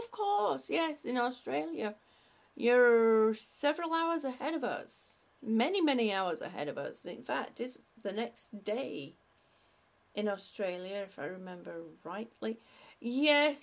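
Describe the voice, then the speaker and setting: A woman's voice: fairly high pitch, animated, slow pace. A woman hosting a casual live stream, chatting and laughing often as she greets viewers by name. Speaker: livestream host.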